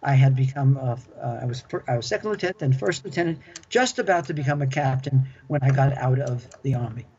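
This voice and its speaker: A man's voice: medium pitch, brisk, hardly any pauses, dark tone. An older man telling stories from his working life in an interview, chatty and enthusiastic, often repeating himself. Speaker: interview guest, former club manager. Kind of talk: storytelling reminiscence. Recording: dull lo-fi recording.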